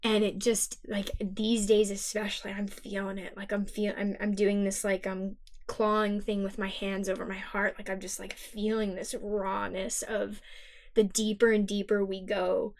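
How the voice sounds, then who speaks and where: A woman's voice: medium pitch, little pitch movement, measured pace. A woman in her thirties co-hosting a spiritual podcast, speaking in an earnest, emotional and reflective way. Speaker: podcast co-host. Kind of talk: heartfelt spiritual podcast talk.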